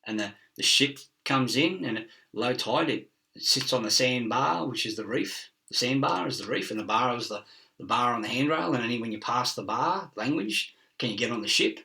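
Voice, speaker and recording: A man's voice: mid-range voice, animated, normal speed, gravelly, bright, forceful tone, distant mic. A middle-aged man, rambling through a profane monologue, laughing and chasing wordplay and word origins.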